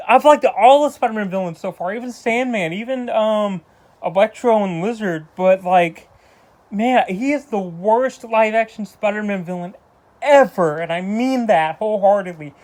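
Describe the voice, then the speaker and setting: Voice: mid-range voice, darkish tone. Rambling, exasperated movie reviewer. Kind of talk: casual spoken film review.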